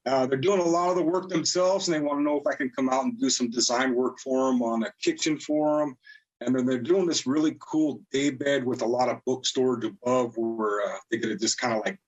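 A man's voice: mid-range voice, brisk, slightly rough, muffled recording. A middle-aged man, a cabinet designer, talking as a guest in a friendly, easygoing way with many fillers. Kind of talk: casual interview talk.

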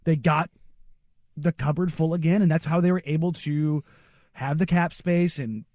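A man co-hosts a casual podcast chat, talking with an opinionated, quick-asides manner. His voice is mellow and slightly high, and the sound is dry and close. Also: fairly even intonation, no echo. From Texas. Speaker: podcast co-host.

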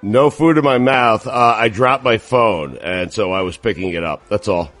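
A man co-hosting a sports radio show from home, reading out wry, deadpan jokes. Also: lowish voice, moderate pace, faint music behind. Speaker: radio co-host. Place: home, video call.

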